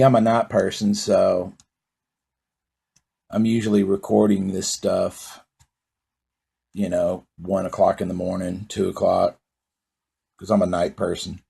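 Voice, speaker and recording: A man's voice: deep voice, gravelly, darkish tone, breathy edge. A man delivering a rambling, profane comedic monologue in a laid-back storytelling way. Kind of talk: stand-up style comedic monologue.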